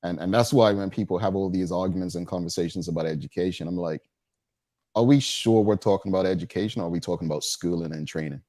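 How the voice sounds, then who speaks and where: A man hosting a talk show, talking in casual banter that stammers into restarts and leaps up in pitch when he gets excited. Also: fast, no room sound, clean studio sound.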